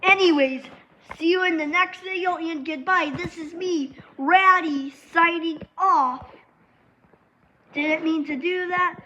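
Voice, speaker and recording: A woman's voice: very high voice, slow, pushed and bright, dull audio, a little hiss or hum. A woman vlogging casually at a table at home, rambling and saying "anyways" between thoughts. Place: at a table indoors.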